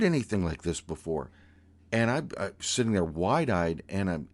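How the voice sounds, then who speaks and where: A man telling a personal story from his youth in an unhurried, reflective way, with small restarts. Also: low-pitched, very animated.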